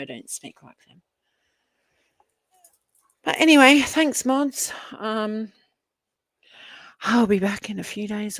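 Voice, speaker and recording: A woman's voice: lowish voice, no echo. A middle-aged Australian woman hosting a livestream, chatting casually and laughing as she reads viewer comments, swearing freely. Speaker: livestream host.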